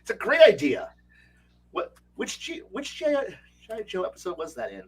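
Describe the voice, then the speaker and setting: A man telling game master stories in casual livestream chat, excitable and rambling, with frequent swearing. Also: sits high, moderate pace, breathy edge. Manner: excitable, rambling, profane storytelling. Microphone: streaming setup mic.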